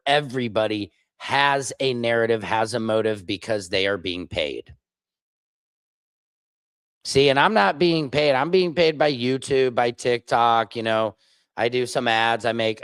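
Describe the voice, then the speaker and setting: A man chats loosely on his livestream, jumping from point to point and slipping into mocking impressions. His voice sits at an ordinary middle pitch, and the sound is dry and close with no room echo. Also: smooth. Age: adult, father of children. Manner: rambling, digressive, mocking impressions. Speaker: streamer, independent commentator. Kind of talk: casual livestream commentary. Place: home studio.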